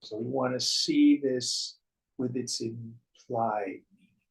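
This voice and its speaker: A man teaching a scripture class to a group, talking slowly with dramatic pauses and now and then acting out quotes. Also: medium pitch, steady tone, gravelly, rough recording. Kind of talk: spiritual talk to a group.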